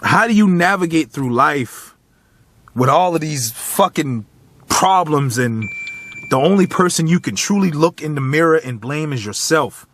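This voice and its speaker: A man's voice: on the high side, expressive, a little slow, a bit bright, slight background noise. A man in his thirties giving a raw, profane motivational monologue straight to the viewer, at times choked up. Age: 30s. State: tearful, choked up. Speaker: motivational vlogger. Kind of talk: emotional motivational monologue to camera.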